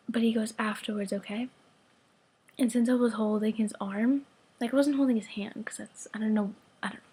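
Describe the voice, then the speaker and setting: Breathy young woman gushing in whispers. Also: mid-range voice, a little mellow. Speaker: vlogger. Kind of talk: excited storytime chat.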